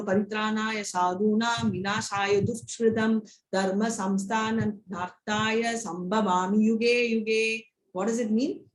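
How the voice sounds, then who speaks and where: A woman with an Indian English accent teaching a devotional scripture class, telling stories and often tagging lines with "right?" and "you know". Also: medium pitch. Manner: storytelling, frequent "right?" and "you know" tags. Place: temple class room. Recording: echoey room with faint noise.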